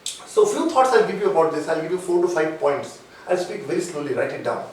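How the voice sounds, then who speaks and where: A man mentors his listeners in a motivational talk, pressing his points home and repeating them. His voice sits a little high. He sounds far from the mic, in a very echoey room with faint noise behind him. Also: animated, a little mellow. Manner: emphatic, repeats key phrases, slows down to dictate points.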